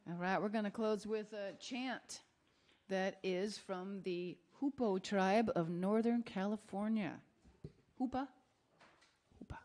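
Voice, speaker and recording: A woman leading a congregation chant, introducing it in a relaxed way. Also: medium pitch, takes it slowly. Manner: relaxed, self-correcting. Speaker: chant leader.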